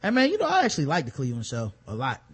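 A man co-hosting a podcast in casual chat, animated and full of fillers. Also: on the high side, very fast, slightly rough. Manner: animated, lots of fillers and put-on voices in stories. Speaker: podcast co-host.

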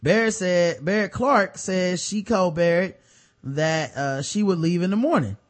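A man with a fairly high voice chatting casually, animated and quick to jump up into excited bursts. He reads bits of a news story aloud between jokes and retorts. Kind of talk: casual chat.

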